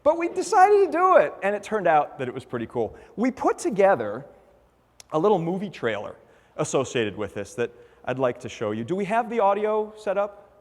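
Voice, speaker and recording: A man giving a conference talk, telling a story in an animated way and acting out the voices of the people in it. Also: high-pitched, moderate pace, big-room sound. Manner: animated, acts out quoted voices. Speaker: conference speaker.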